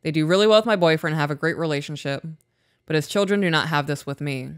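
A woman's voice: low-pitched, quick pace, dry recording, clean studio sound. Woman cohosting a podcast, chatty and open, reads out emails, lots of mm-hmms. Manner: candid, self-reflective, agreeable with many backchannels. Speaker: podcast co-host. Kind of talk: casual relationship podcast chat, reading listener emails.

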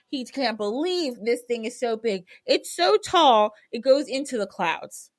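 A woman's voice: on the high side, very animated, a little slow, no echo, clean studio sound. A woman podcast host telling a story casually, with laughing, profane asides.

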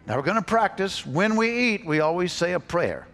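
Male pastor, coaxing kids through call-and-response, lively gravelly voice. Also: high-pitched, normal speed. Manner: upbeat, coaxing, repeats phrases for kids. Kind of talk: leading children in call-and-response. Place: church sanctuary.

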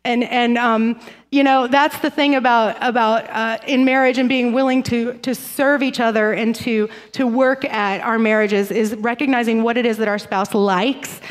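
A woman's voice: fairly high pitch, fairly even intonation, moderate pace. Bubbly woman preaching in a church hall. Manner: bubbly, laughing storyteller. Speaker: pastor's wife co-preaching. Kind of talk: sermon with personal storytelling. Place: church stage. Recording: long reverb of a church hall.

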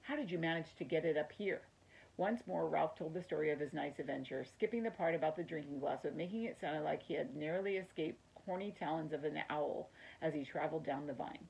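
A woman's voice: sits low, brisk, vocal fry, mellow, breathy edge, rough recording. A woman reading a children's chapter book aloud to her class, friendly and explaining words as she goes. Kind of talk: read-aloud storytelling.

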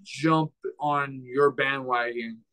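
A man who is a fighter, a guest on a casual podcast, who talks slowly and searches for his words. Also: mid-range voice, fairly even intonation, bright, forceful tone, low-quality recording.

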